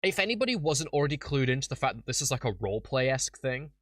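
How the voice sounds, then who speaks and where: A man's voice: medium pitch, very animated, fast talker, a bit bright, no echo, clean studio sound, far from the mic. Man talking editing, set back from mic. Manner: chatty, explains his editing at length. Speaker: video creator and stream host. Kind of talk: casual behind-the-scenes commentary.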